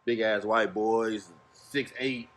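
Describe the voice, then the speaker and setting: A man's voice: on the low side, fairly even intonation, slow pace, a crowd in the background. A man from Ohio, a music manager, telling a rambling road-trip story as a guest on a casual podcast, laid-back and full of slang.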